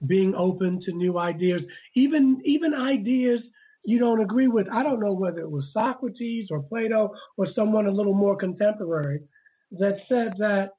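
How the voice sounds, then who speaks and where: A woman's voice: mid-range voice, warm tone, slightly rough, poor audio. A woman author as an interview guest, earnest and reflective, often stammering on her first words. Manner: earnest, repetitive stammering starts. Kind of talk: conversational interview.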